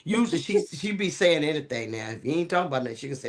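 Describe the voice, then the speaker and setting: Animated middle-aged woman bishop storytelling. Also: sits low, a little fast, hardly any pauses. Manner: animated, preacherly storytelling with many fillers. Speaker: bishop and co-host. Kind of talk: talk show discussion with storytelling.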